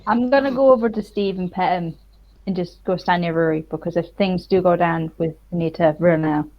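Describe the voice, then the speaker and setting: A woman's voice: on the low side, brisk. Giggly woman player, muffled mic. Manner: giggly, excitable. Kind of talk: casual tabletop play.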